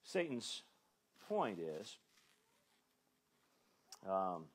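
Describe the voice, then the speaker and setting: Husky pastor guy preaching, voice jumps all over, acts out the quotes. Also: low-pitched, sing-song, very slow. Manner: emphatic preaching, voicing quoted speakers. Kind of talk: expository sermon. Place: church.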